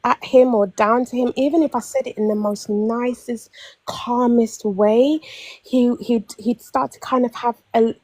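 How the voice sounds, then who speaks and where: A young London woman, calling in to a panel, tells a long personal story in casual chat, her voice a little high and a little slow. She's animated, acts out quotes, and restarts often, with no room sound on the recording.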